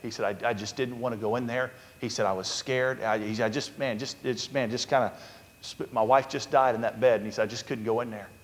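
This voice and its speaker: A male pastor preaching a sermon, telling a story with sudden swings from loud urgency to a hushed, quiet voice. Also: mid-range voice, steady tone, brisk, big-room sound.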